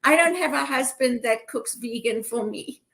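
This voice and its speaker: A woman's voice: a little high, moderate pace, vocal fry, fairly bright tone. A woman hosting a casual video-call chat, speaking in an affirming, encouraging way. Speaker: host.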